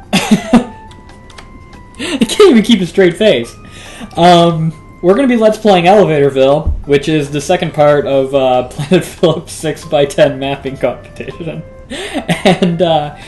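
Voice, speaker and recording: A giggly man hosts a casual let's play, filling his talk with ums and half-started sentences. His pitch sits in an ordinary middle range. Faint music plays softly behind him. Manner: chatty, giggly, many fillers and restarts. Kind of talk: casual gameplay commentary.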